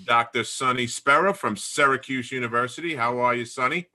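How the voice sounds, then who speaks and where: Bright-voiced man hosting a podcast. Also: mid-range voice. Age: 50s. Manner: chatty, halting questions. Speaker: podcast host. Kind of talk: casual interview hosting. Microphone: video call.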